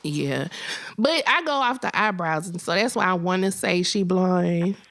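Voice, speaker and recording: A woman's voice: unhurried, no echo. A woman co-hosting a casual chat with a friend over a phone call, telling a story and acting out what other people said. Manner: animated storyteller, acts out quotes with big pitch jumps. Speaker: podcast co-host.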